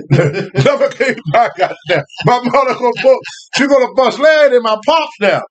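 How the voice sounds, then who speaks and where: An older man telling a family story in casual, animated talk, laughing and raising his voice at the big moments. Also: very high-pitched, normal speed. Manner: animated, laughing, rising to shouts at the climax. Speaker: storyteller guest.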